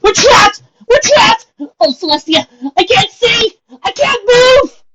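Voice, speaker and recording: A woman's voice: very high voice, very animated, a little slow, muffled recording, heavy background noise, voice pushed up, full character voice. A woman voicing a brash tomboy pegasus pony mare who shrieks and screams in panic, in a fan audiobook reading. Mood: shrieking.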